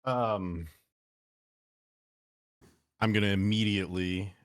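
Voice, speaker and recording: A man with a very deep voice calmly declares his moves in a tabletop game, talking slowly and deliberately. The recording is dry and close. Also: no room sound. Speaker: player. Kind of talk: casual tabletop play.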